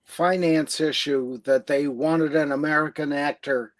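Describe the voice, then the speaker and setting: A man with a slightly high voice chats on a casual show. He agrees readily and drops in brief remarks of his own. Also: steady tone, unhurried. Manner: agreeable, adds short asides. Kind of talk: casual chat.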